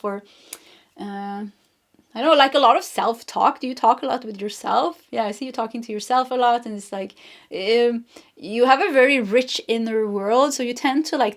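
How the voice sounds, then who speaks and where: A woman with a fairly high voice reads tarot cards to her viewers. She speaks gently and loosely, restarting phrases, laughing softly and hunting for the right word. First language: Swedish. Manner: gentle, rambling, searching for words, laughs often. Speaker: tarot reader. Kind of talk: intuitive tarot reading to camera.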